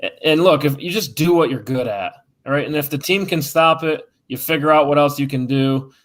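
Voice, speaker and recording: A man's voice: a little high, a little fast. A man giving plainspoken, conversational analysis on a casual sports show. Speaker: podcast co-host.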